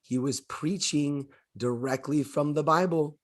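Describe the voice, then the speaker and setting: A man co-hosting a casual podcast, telling history in an emphatic, drawn-out way with many restarts. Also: a little high. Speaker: podcast co-host.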